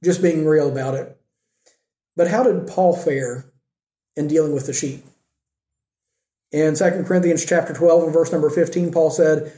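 A man preaches to his congregation, earnest and conversational, pressing his points with rising emphasis. His voice sits a little high yet sounds very dark and mellow. The sound carries the echo of a church room. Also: normal speed, long pauses. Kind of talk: sermon.

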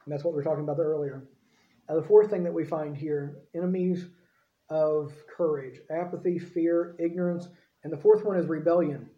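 Man, pastor, sermon, conversational preaching, dull lo-fi recording, fairly high voice. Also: fairly even intonation, normal speed. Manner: conversational preaching, checks in with listeners. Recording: echoey room, dull lo-fi sound.

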